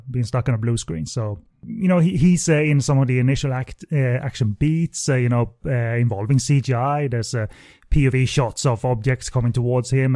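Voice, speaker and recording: Male podcast host, relaxed mellow voice, halting casual review talk, dry close sound. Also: medium pitch, no echo. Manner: hesitant, many fillers and restarts. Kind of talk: casual film review chat.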